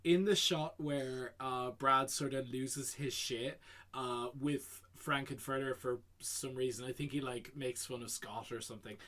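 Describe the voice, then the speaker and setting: A man co-hosting a podcast, chatting casually about a film, quick and laughing. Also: medium pitch, fairly even intonation, bright, forceful tone. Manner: quick, laughing, acts out movie lines. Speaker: podcast co-host.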